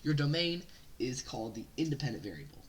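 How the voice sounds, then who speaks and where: A man giving a casual algebra lesson while sick, explaining each step in a relaxed way with small fillers. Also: medium pitch, fast, slight background noise. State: sick, stuffy voice. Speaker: algebra tutor.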